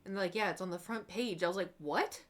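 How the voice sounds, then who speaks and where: A woman's voice: medium pitch, very fast. A young woman streamer chatting casually while she paints, telling rambling stories and acting out her own past reactions. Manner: rambling, animated storytelling, quotes herself with exclamations.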